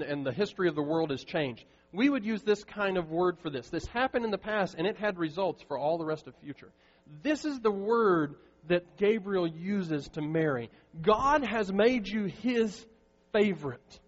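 Man, pastor, emphatic sermon, stumbles and restarts, long church reverb, muffled sound. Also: high-pitched. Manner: earnest, emphatic preaching with frequent restarts. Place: church sanctuary.

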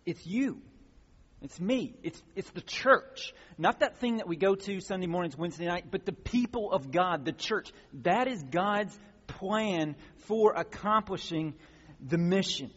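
Earnest pastor preaching in a reverberant hall. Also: male voice, high-pitched, lively intonation, normal speed, a bit bright, slightly rough. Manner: earnest, with many fillers and restarts, rising emphatic passages. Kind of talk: sermon. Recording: long church reverb, dull lo-fi sound.

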